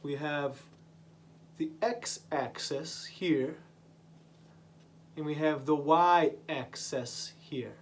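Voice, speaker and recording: Slow, patient teacher man, slightly high voice. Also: slight background noise. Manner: slow, patient, repeats words for learners. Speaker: English language teacher. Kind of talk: classroom vocabulary lesson.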